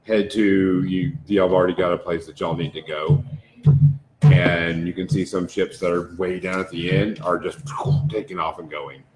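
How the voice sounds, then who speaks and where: A man narrating a tabletop game as game master, in a slow, descriptive, dramatic manner. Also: deep voice, fairly even intonation, echoey room, noisy background.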